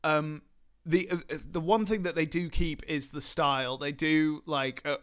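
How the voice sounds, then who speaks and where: Young guy chatting on a podcast, kinda high voice, lots of uh and like. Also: measured pace, clean tone. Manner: rambling, hesitant, animated retelling. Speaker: podcast co-host. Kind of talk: casual chat.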